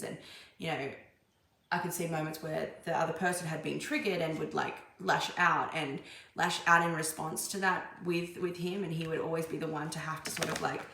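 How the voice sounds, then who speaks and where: A young woman does a casual tarot reading, chatting and rambling with lots of fillers and restarts. Her voice is low, creaky and bright, with a forceful tone. The room is echoey, with faint background noise.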